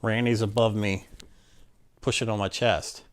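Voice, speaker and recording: Low-voiced man telling his story. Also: level tone, a little slow. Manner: candid, plainspoken, acts out quotes. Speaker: interviewee. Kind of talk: personal storytelling in an interview.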